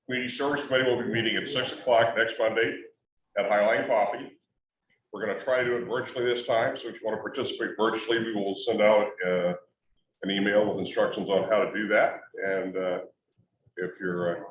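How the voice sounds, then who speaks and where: A man's voice: fairly low pitch, fairly even intonation, fairly quick, recorded from a distance, a little hiss or hum. A man giving a plain, matter-of-fact committee announcement at a club meeting. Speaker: committee member. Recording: dull echoey room, from afar.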